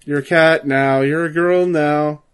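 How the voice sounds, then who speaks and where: A man's voice: a little high, fairly even intonation, unhurried, smooth. A man hosting a gaming podcast, laid-back, introducing the show and guests. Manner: laid-back, laughs often. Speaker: podcast host. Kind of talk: casual chat, show intro.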